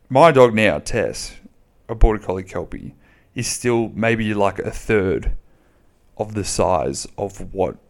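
A podcast host with a fairly low, creaky voice does a casual solo chat, speaking bluntly, rambling and swearing freely.

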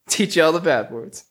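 A male podcast co-host in casual comedic chat, riffing and laughing often. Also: on the high side.

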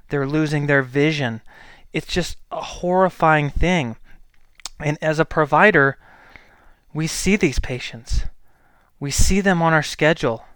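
A man's voice: fairly high pitch, fairly bright tone, smooth, no room sound, clean studio sound. A healthcare provider, a man, speaking in a blunt, exasperated and emphatic monologue. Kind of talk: opinion monologue.

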